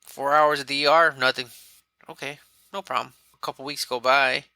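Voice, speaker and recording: A man's voice: mid-range voice, normal speed, vocal fry, smooth, no echo. A man speaking as a podcast guest, candidly telling his own story in casual talk and acting out what others said. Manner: candid, animated, quotes himself and others.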